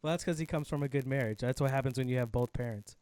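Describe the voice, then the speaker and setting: A man's voice: medium pitch, racing, a little mellow, clear, resonant tone, dry recording. A man co-hosting a podcast talks in a loose, laid-back way. He swears casually and laughs easily between remarks. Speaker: podcast co-host. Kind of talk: casual chat.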